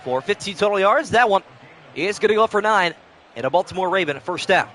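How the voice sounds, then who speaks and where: A man's voice: high-pitched, expressive, a little fast, sharp tone, slight background noise. A young man calling play-by-play on a live stream, switching between announcer-style calls and casual chat with viewers, short on sleep.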